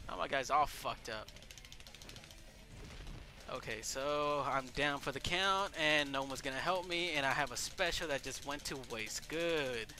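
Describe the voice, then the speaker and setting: A man giving casual let's play commentary over a wrestling game, excitable and swearing, yelling at the game and shouting out moves. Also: medium pitch, measured pace, faint music behind. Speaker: gameplay commentator.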